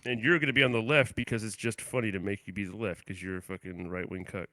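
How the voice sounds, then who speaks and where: A man co-hosting a comedy podcast over a remote call, with a bright, forceful voice. He banters crudely and mock-aggressively, dropping to mumbles and then bursting into loud hype greetings. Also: fairly low pitch, fairly even intonation, quick pace, a little hiss or hum. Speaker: podcast co-host.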